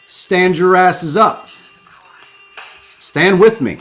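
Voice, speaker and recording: A man's voice: a little high, lively intonation, normal speed, a bit bright. A man hosting a podcast, delivering a fired-up, profane monologue that rallies his listeners, with music behind him. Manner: profane, preachy, rallying the listener. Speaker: podcast host. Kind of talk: impassioned live-stream monologue.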